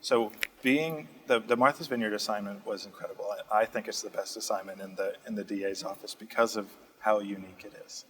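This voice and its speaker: A young man speaks in a low, fairly flat voice. He answers interview questions steadily and thoughtfully, stopping often on "uh" as he picks his words. He is being interviewed in a community TV studio. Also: fairly quick, few pauses, slight background noise, poor audio. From Massachusetts. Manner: steady, thoughtful, frequent "uh" fillers. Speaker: state representative guest.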